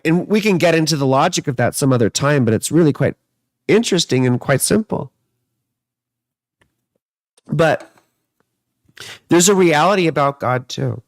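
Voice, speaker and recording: A slightly high male voice with no room sound. He's an astrologer who also reads tarot, loosely chatting through a livestream and replying to viewer comments, his talk rambling and playful, part jokes and part musing.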